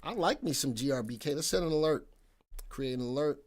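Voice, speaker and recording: A man's voice: fairly high pitch, brisk. A casual, talkative man runs a live market stream from his desk mic. He greets viewers by name and teases them. He spells out ticker symbols letter by letter and riffs on them as he goes. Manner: chatty, jokey, reads viewer names and tickers aloud. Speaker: livestream stock analysis host.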